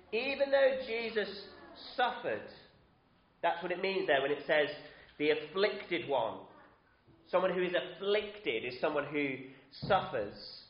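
High-voiced preacher in a roomy church. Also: male voice, slight background noise. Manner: lively, coaxing the congregation to call out. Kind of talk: interactive Easter sermon. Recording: roomy, slightly dull church recording.

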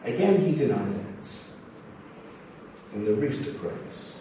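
Male preacher, lively, expressive sermon delivery, roomy echo, mic at a distance. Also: mid-range voice, slow pace, a little hiss or hum. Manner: expressive, acts out scripture quotes. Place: church or hall. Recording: echoey hall, distant mic, faint ambience.

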